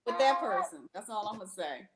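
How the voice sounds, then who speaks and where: A woman co-hosting a casual chat show, reacting fast and laughing along. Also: medium pitch, expressive, heavy background noise. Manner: quick reactive comments, laughing. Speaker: co-host.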